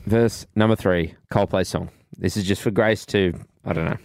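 A man's voice: deep voice, steady tone, creaky, a little mellow. A man hosting a song quiz in casual, playful radio banter. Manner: playful, reads lyrics in a halting spoken voice. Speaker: quiz host.

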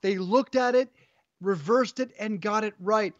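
A high-pitched man hosts a sports talk show, upbeat and teasing. His voice is dry and close, with a dull, lo-fi edge. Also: unhurried, fairly bright tone, no echo.

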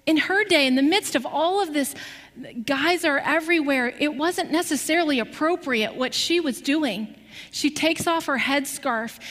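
Woman, high voice, sermon, storytelling preacher, rhetorical questions, long hall reverb. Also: a bit bright.

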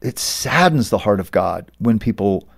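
A man's voice: lowish voice, moderate pace, creaky. A middle-aged man, a pastor and author, telling stories as a guest in an interview, acting out the quoted voices. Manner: animated storyteller, acts out quoted voices. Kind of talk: storytelling interview talk.

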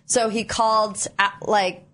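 A woman's voice: mid-range voice, level tone, unhurried, fairly bright tone. A woman co-hosting a morning radio show in a studio, chatting casually and laughing often. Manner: giggly, chatty. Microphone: studio microphone.

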